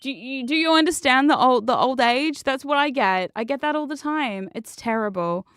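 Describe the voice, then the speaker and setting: A woman streaming a video game, chatting casually with a self-mocking humor and frequent laughs, jumping between loud outbursts and low asides. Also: lively intonation, moderate pace, clear, resonant tone, dry recording. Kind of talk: casual chat while gaming.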